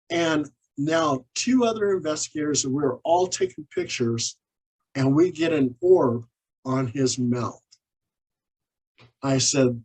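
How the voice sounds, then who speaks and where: A man's voice: medium pitch, unhurried, husky, low-quality recording. A man, a paranormal investigator, telling stories of his cases in an interview and acting out the dialogue. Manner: animated anecdotes, acts out quoted dialogue. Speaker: paranormal investigator and author, guest. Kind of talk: storytelling in an interview.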